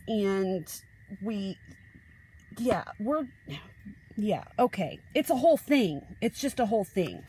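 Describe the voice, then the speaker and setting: A woman chats her way through a tarot deck review, her voice sitting a little high and her pace slow and easy. She rambles, interrupts herself, and bursts into gushing exclamations. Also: a little mellow. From Ozarks, United States. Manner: chatty, rambling, self-interrupting. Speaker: tarot reader.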